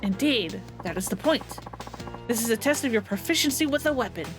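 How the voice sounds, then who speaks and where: A woman's voice: a little high, lively intonation, brisk, over music, lightly acted. A woman voicing a haughty male weapons master who speaks in stiff, lofty, formal phrasing.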